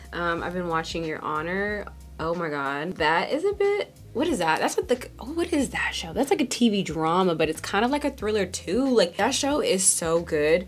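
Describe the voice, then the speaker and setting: A young woman gossips and rambles at home while she does her makeup. She sounds animated and talkative, and her pitch leaps around freely. "Like" fills nearly every sentence. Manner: chatty, animated, heavy use of "like". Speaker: beauty vlogger. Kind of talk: casual get-ready-with-me chat.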